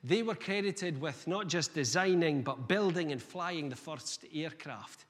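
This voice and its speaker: A man's voice: on the high side, measured pace. Man preaching in an echoing hall. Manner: energetic, conversational preaching with rhetorical questions. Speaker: guest preacher. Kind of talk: sermon. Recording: long reverb of a hall.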